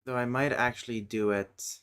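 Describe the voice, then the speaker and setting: A man streaming casually, thinking aloud as he works, muttering and humming to himself with many hesitant pauses. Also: mid-range voice, fairly even intonation, fairly bright tone, smooth. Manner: mutters and hums to himself while working; slow, hesitant, with many fillers.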